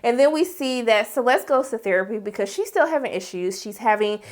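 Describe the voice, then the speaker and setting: A woman giving a casual, animated TV episode recap in slangy speech, often acting out the characters' lines. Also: a little high, a little fast. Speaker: TV series reviewer.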